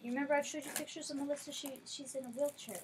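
A woman unboxing gifts in a casual vlog, gushing over each one and dropping to a softer tone when she explains. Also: high-pitched, steady tone, racing, noisy background. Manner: gushing, effusive. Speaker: vlogger.

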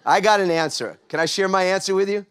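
A man's voice: high-pitched, fast talker, fairly bright tone, smooth, a faint crowd. A middle-aged man from New York gives a motivational talk to a live audience, coaxing them to answer back. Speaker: speaker.

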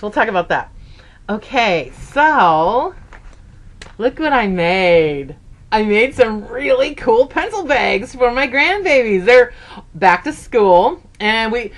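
A woman in her fifties telling stories in a casual, chatty way, with lots of "okay"s, and jumping her voice up for quoted lines. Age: 50s. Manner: acts out quoted voices with big pitch jumps. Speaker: sewing vlogger. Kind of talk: casual chat.

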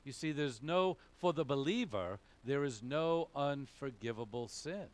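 A man's voice: mid-range voice, expressive, a little slow. A male pastor preaching a sermon, emphatic, asking questions and answering them himself. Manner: emphatic, asks and answers his own questions.

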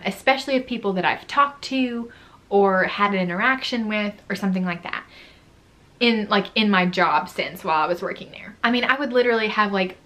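A woman's voice: medium pitch, a bit bright. A young adult woman vlogger telling a story in a casual, chatty way, full of "like". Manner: chatty, fillers like "like" throughout.

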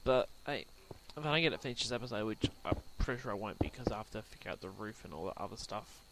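A young man with an Australian accent talks through his gameplay in a loose, rambling way. His voice is gravelly, and his pitch swings up and down a lot. The home mic also catches plenty of background noise. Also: lively intonation, quick pace. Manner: rambling, chatty, talks to the pets in the game. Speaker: gaming channel host. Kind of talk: let's play commentary. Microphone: desk mic that picks up the room. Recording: noisy home recording.

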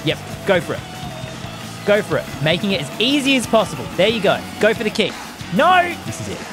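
Excitable man streaming a game. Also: sits high, quick pace. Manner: excitable, laughs often, cheers on the game. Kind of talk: live gameplay commentary. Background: game music.

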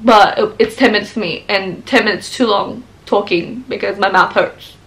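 A young woman in her twenties chats to a handheld camera at home in a casual vlog. She is excitable and laughs easily. Her voice sits at an ordinary middle pitch. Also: normal speed. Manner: chatty, excitable, laughs often. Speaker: vlogger. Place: at home, indoors.

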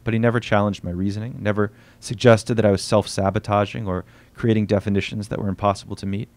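A man reading aloud from his own novel at a bookstore event, quiet and unhurried, voicing the dialogue softly. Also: lowish voice, little pitch movement, no room sound.

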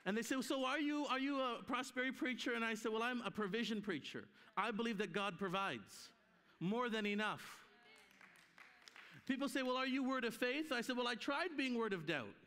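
A man's voice: very high voice, normal speed, clean tone. A man preaching a sermon at a conference, telling stories and acting out the voices in them. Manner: animated, acts out voices in his stories. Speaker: guest preacher. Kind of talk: sermon with storytelling. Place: church hall. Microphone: live stream sound. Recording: long hall reverb.

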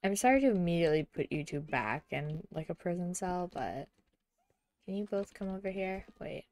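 A young adult woman streaming a video game, chatting casually and giggling, often murmuring quietly to herself. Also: on the low side, expressive, moderate pace, dry recording. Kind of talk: casual gameplay chat.

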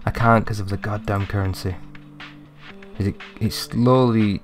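A young man giving chatty let's-play commentary, thinking aloud and getting excitable. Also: fairly low pitch, a little slow, faint music behind. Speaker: gaming commentator.

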